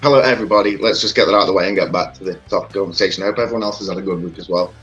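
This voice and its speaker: Low-voiced rambling man. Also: very fast, fairly bright tone, muffled recording, soft background music. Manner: rambling, chatty, greets viewers. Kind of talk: casual chat.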